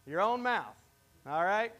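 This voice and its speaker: An expressive man with a high-sitting voice and a sharp tone preaches in church. His sermon is conversational and interactive, marked by halting restarts and questions aimed at the congregation.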